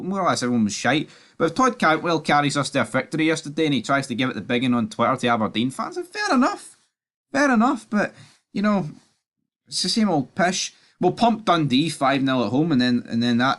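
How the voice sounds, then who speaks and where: A man's voice: mid-range voice, a bit bright. A man, ranting about football in a reaction vlog, swearing and talking in fired-up bursts. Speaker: football vlogger.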